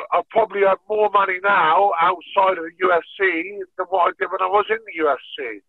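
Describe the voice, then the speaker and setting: A man's voice: sits high, fairly quick, dry recording. Profane man telling a story. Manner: profane, laughing, animated storyteller. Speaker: podcast guest, former fighter. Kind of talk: casual storytelling. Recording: tinny phone-like dry sound.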